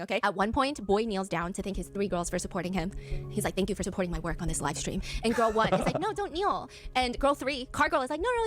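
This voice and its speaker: A woman hosting a reaction show, casually retelling a story and acting out the quotes in different voices. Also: mid-range voice. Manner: animated, acts out quotes in voices. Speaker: reaction channel host.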